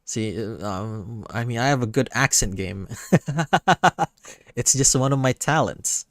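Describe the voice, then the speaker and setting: A man's voice: medium pitch, animated, takes it slowly, dry recording. A man hosting a late-night storytime stream, chatting in an easygoing, self-deprecating way. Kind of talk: casual livestream chat.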